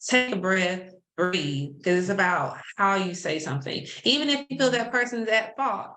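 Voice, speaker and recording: A woman therapist explaining relationship tools in a steady, practical way, with small restarts. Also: mid-range voice, moderate pace, reverberant, poor audio. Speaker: therapist co-host. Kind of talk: explaining counseling tips.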